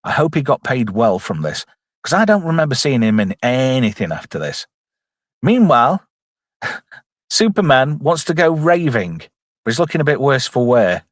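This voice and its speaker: A man riffing on a film for a live chat audience, jokey and loose. His pitch swings widely as he talks, and the sound is dry and close to the mic. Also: sing-song, normal speed, dry recording. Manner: jokey, reads out chat, puts on silly voices. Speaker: streamer reviewing a film. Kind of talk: casual live commentary.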